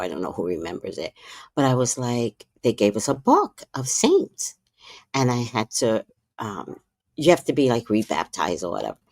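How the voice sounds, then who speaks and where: A woman hosting a livestream, telling a story in a casual, animated way, with hushed asides and loud, profane outbursts. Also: extremely low pitch, gravelly, no room sound, clean studio sound. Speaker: livestream host.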